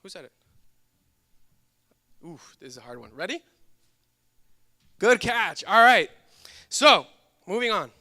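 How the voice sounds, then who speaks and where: A young man preaching a sermon to a church audience, talking in a lively, joking way and teasing his listeners. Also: sits high, slow, long pauses. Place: church hall with live audience.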